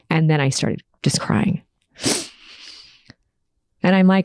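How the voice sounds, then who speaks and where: A woman with a lowish, mellow voice tells a personal story on her podcast. She speaks earnestly and emotionally, in a confessional tone, and the room sounds dry. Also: slow, long pauses, smooth, dry recording. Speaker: podcast host.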